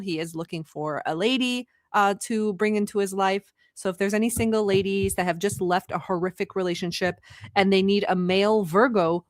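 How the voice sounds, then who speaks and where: A woman from the Middle East hosting a casual live stream from home, chatty and gossipy and quick to laugh. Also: medium pitch, no echo, clean studio sound. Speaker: livestream host. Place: at home in a swivel chair.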